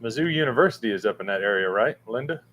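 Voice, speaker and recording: Man, livestream host, mid pitch, rambling, filler-heavy, casual chat. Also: lively intonation, a bit bright. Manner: rambling, halting with many fillers and restarts. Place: room with a fan running.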